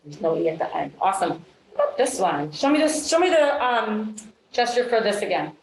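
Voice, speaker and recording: A woman's voice: medium pitch, very animated, fairly quick. A woman reading specialist leading a classroom demonstration, upbeat and full of praise for her students. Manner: upbeat, encouraging, frequent praise. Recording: echoey room, faint noise.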